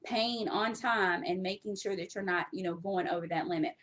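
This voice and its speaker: A woman's voice: mid-range voice, normal speed, a bit bright. A woman hosting a live Q&A on credit, talking straight to viewers and repeating words for emphasis. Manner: talks straight to viewers, greets them by name. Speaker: host, credit educator. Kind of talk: live-stream Q&A.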